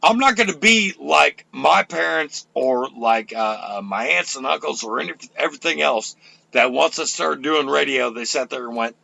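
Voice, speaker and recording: An older man hosting an internet radio talk show, ranting loudly and profanely with fiery energy. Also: mid-range voice, moderate pace, vocal fry.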